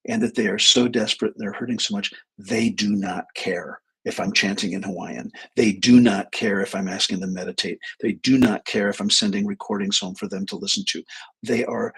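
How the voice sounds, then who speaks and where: A man who works as a therapist and energy healer tells a story on a casual live stream, acting out both sides of a conversation and swearing bluntly. His gravelly, husky voice is on the low side, a bit bright, with a steady tone and a fairly quick pace.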